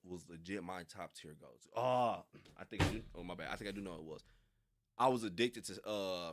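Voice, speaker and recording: Young guy rambling on stream, slangy, low voice that jumps around a lot, dry sound. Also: a bit bright, dry recording. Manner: rambling, slangy, laughs often. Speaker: reaction streamer. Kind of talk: casual livestream chat.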